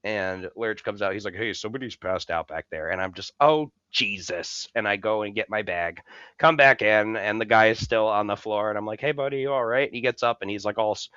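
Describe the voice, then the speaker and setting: A young man spins a rambling, profane story for his co-hosts, chuckling between lines. His voice is bright and clean, close to the mic with no room sound, though the recording is a little dull and muffled. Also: lowish voice, brisk, smooth, no echo. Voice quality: swears freely, laughs through the telling. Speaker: podcast co-host. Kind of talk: casual storytelling.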